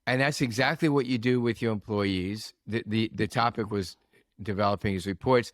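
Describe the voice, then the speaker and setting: A man who works as a coach, a guest on a podcast, telling stories in a lively way and acting out what people said. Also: lowish voice, normal speed, dry recording. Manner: storytelling, animated, acts out quotes. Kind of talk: casual podcast conversation.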